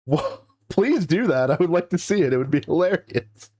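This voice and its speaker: A man's voice: a little high, very animated, moderate pace, a little mellow. A man co-hosting a podcast, chatting casually with laughing, incredulous reactions. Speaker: podcast co-host. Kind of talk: casual chat.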